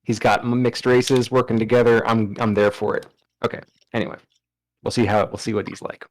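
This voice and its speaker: A man's voice: on the low side, level tone, brisk, poor audio. A man playing a tabletop game, speaking bluntly and casually with swearing. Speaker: player. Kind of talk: casual chat at a gaming table.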